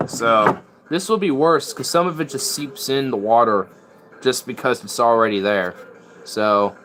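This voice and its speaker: A man's voice: mid-range voice, unhurried, background noise. A man rambling in casual chat as a streamer. He is laid-back and slangy and often breaks into laughs.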